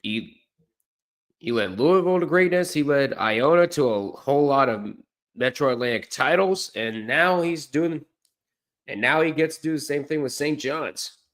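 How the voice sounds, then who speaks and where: Streaming college basketball, a man offers loose, off-the-cuff live commentary that rambles, corrects itself mid-sentence and jokes at his own expense. His voice is on the high side, a bit bright and expressive, at a moderate pace.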